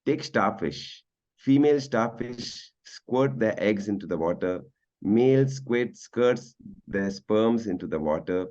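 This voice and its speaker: A man from India who interviews his guest, hesitating and filling his pauses with "uh" while he reads out quotes. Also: on the low side, expressive, a little mellow, muffled recording. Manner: hesitant, many fillers. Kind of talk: interview questions.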